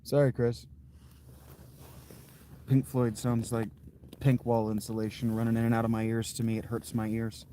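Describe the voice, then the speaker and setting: A man hosting a livestream, chatting casually with viewers' comments in an unhurried, blunt way, thinking aloud with fillers and restarts. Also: medium pitch, completely flat delivery, warm tone, a little hiss or hum. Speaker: livestream host.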